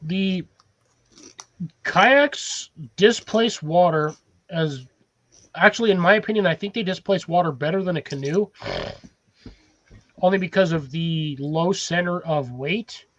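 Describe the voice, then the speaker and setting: A man in loose podcast banter, blunt and offhand. His voice is slightly high, and it comes through muffled and lo-fi, as if over a remote link. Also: unhurried, pauses often, fairly bright tone, no room sound. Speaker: co-host. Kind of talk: casual podcast chat.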